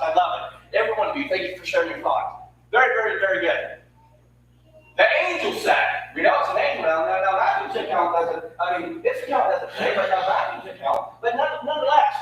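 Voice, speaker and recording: A man preaching a lively sermon in a small church, emphatic, repeating words and asking the congregation questions. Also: high voice. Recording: echoey room, mic far off, faint hum.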